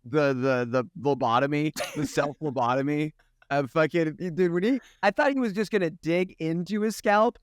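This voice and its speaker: A man's voice: a little high, moderate pace, smooth, dry recording. A man in a casual movie review chat who halts and searches for his words.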